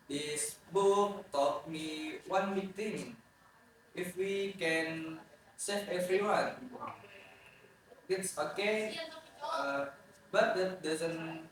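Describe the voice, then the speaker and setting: A young man co-hosting a student book podcast, speaking in a measured, thoughtful way. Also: on the high side, fairly bright tone. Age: young adult. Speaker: podcast co-host. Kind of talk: scripted casual podcast chat. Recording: echoey room, far-off mic, faint noise.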